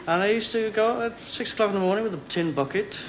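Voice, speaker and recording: A man telling silly comic anecdotes as a guest on a chat show, recorded in a television studio with a live audience. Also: high-pitched. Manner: playful, silly, quick comic storytelling. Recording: 1990 TV broadcast, audience laughter. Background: studio audience laughing.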